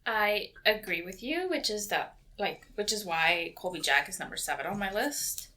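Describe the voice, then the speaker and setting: A woman's voice: medium pitch, expressive, moderate pace, bright, forceful tone. A young woman co-hosting a podcast, chatting in an easygoing, teasing way and hedging her opinions. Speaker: podcast co-host. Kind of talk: casual chat.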